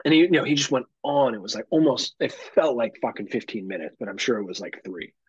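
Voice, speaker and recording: A man co-hosting a podcast, telling a story in casual chat, animated and full of swearing. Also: medium pitch, fast talker, slightly rough, no echo. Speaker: podcast co-host. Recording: dull lo-fi sound.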